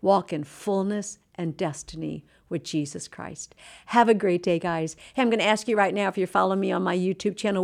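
A middle-aged woman hosting a devotional talk, speaking earnestly with slow, emphatic phrases and dropping to a soft, hushed tone in reflective moments. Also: medium pitch, gravelly. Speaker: Christian host and speaker.

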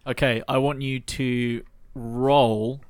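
Laid-back game master. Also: male voice, medium pitch, little pitch movement, takes it slowly, a crowd in the background. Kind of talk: running a tabletop game.

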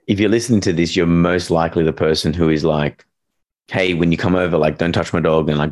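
Man, very deep voice, casual rambling chat, animated storytelling. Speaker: dog trainer, podcast co-host.

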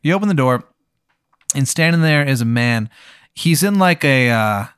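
A man's voice: medium pitch, lively intonation, normal speed, a bit bright, clean tone, no echo, clean studio sound. A man hosting, improvising a comedic story in a rambling way, full of "like" fillers. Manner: rambling, heavy use of "like" fillers, laughs while talking. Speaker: host and game runner.

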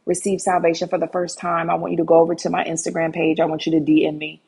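A woman preaching an online sermon, fervent and repetitive, often dropping to soft hushed phrases. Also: on the low side, completely flat delivery, quick pace, creaky, slightly rough. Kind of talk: online sermon with altar call.

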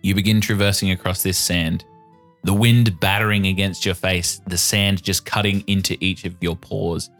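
Deep-voiced game master narrating vividly. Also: male voice, level tone, moderate pace, fairly bright tone, soft background music.

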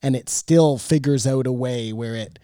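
Man, mellow mid voice, dry close sound, eager storyteller, curious questions. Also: mid-range voice, normal speed, no room sound. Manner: tells stories eagerly, asks curious questions. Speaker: podcast co-host. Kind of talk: casual chat.

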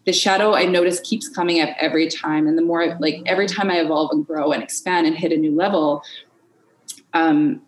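A woman as a podcast guest in an unscripted conversation, candid and expressive, swearing freely and acting out her inner voices. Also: deep voice, brisk, roomy sound, slight background noise, rough recording.

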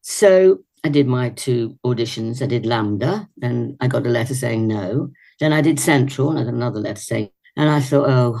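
Older actress from Leicester, England, as an interview guest; husky, animated storyteller with self-corrections, over a video call. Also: female voice, rumbling low. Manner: chatty and animated, with little laughs and self-corrections. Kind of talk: reminiscing in a casual interview. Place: indoors at home.

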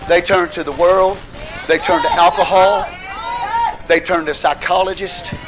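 A man preaching a sermon with fervor, rising at times to shouts and calling out hallelujah to the congregation. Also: high voice, fairly even intonation, a little slow, a crowd in the background, background noise. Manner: calls out hallelujah, asks the congregation questions.

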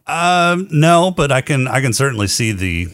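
A man's voice: medium pitch, very animated, moderate pace, a bit bright, no echo. A man hosting a casual podcast chat, steering with short questions. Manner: brief, moderating questions. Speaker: podcast host.

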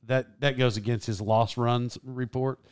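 A man's voice: medium pitch, steady tone, a little slow, clear, resonant tone. A man hosting a casual podcast, chatting loosely, laughing often and restarting his sentences. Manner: laughing, joking, rambling with restarts. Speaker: podcast host. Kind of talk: casual chat.

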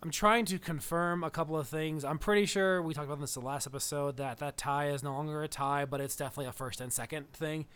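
A man's voice: a little high, fairly even intonation, fast talker, hardly any pauses, fairly bright tone, smooth. A man co-hosting a podcast, chatting casually about films in a rambling, digressive way and laughing often. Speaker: podcast co-host. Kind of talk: casual film chat.

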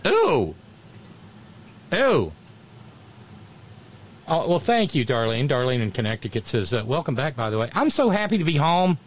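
A man's voice: medium pitch, very animated, quick pace, hardly any pauses. A middle-aged man, casually chatting and reading viewer comments, rambling with many restarts and wry asides. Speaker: livestream host.

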